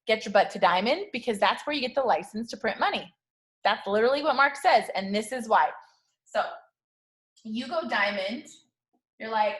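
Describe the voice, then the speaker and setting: A woman in her thirties giving a motivational talk to her sales team, high-energy and slangy, often tagging "okay?" onto her points. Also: normal speed. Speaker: network marketing team leader.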